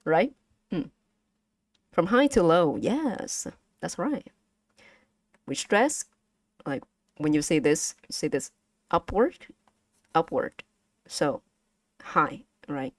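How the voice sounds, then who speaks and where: Woman, casual lesson stream, patient, drawn-out delivery. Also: sits low, expressive, no room sound, clean studio sound. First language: Vietnamese. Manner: patient, repeats and models tones, giggles often. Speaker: streamer teaching Vietnamese.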